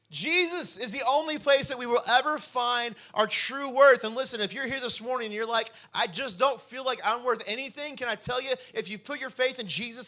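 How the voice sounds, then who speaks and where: High, bright-voiced young male pastor. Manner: storytelling, rising to impassioned preaching; casual, peppered with "like". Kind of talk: sermon.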